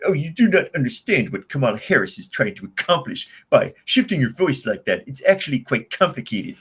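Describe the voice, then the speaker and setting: Brief: condescending nerdy cartoon know-it-all, as a man puts him on, nasal, pitched high. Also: sing-song, a little fast, fairly bright tone, husky, full character voice. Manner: condescending, lecturing.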